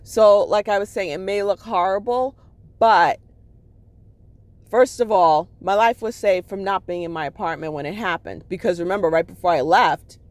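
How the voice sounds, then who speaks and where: A woman's voice: on the low side, darkish tone, dry recording. A middle-aged woman talking candidly in a rambling vlog, checking in with her listeners as she goes. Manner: emotional, swings between laughter and sadness. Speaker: spiritual vlogger. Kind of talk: casual personal vlog monologue.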